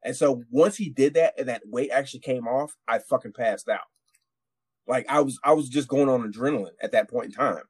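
A man spins a long army story on a podcast, swearing a lot and restarting his sentences often. His voice sits at a mid pitch. The sound is dry and close on the mic. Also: fairly quick, breathy edge, no room sound. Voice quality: rambling, profane, many restarts. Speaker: podcast co-host, military veteran. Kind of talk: casual storytelling.

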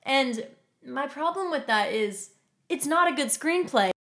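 A woman's voice: high voice, lively intonation, measured pace, fairly bright tone. A woman giving blunt, opinionated takes on a film in a casual panel chat. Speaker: film critic. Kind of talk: casual discussion.

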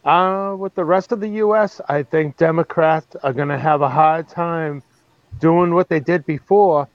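A man's voice: a little high, unhurried, dry recording. A man with a Boston accent calling in from outside, talking bluntly and plainly about his area. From Massachusetts. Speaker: caller, field reporter. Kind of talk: casual phone-in report. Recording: dry, dull lo-fi call audio.

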